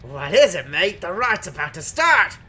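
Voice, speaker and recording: A woman's voice: lowish voice, sing-song, extremely slow, bright, forceful tone, faint music behind, heavily acted. A woman voicing a brash, swaggering male gambler whose hammy accent drifts between British and Australian. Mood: cocky.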